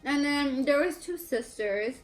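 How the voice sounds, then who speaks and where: A young woman with a Mexican accent tells a workplace story on a casual vlog, her voice sitting a bit high. She's blunt and indignant and swears freely. Faint music plays behind her. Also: a little slow, rough recording. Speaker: vlogger. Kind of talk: casual storytelling during a mukbang.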